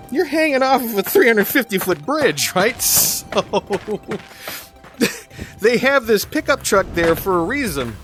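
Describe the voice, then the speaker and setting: A man's voice: high-pitched, fairly bright tone. A man hosting a gaming channel, telling a story in a casual, chatty way, laughing often and acting out the people in it. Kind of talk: casual storytelling over gameplay.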